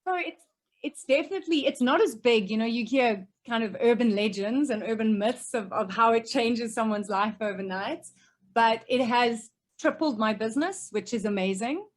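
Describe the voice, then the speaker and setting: A woman who speaks professionally, answering questions over a video call with emphatic, crisp points. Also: on the high side, normal speed. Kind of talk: remote Q&A answers. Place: home office, remote.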